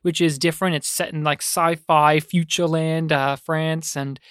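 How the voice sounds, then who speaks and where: A man's voice: fairly high pitch, steady tone, unhurried, fairly bright tone, clear, resonant tone, dry recording, clean studio sound. A man co-hosting a podcast, chatting casually about a film with a rambling, hesitant manner full of fillers and restarts. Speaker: podcast co-host.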